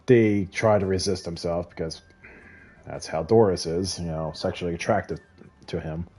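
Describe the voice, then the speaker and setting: A gaming vlogger recaps a show in casual, rambling talk, chuckling often and slipping into quick voices for the characters he quotes. His voice sits low, with a dark, slightly rough tone.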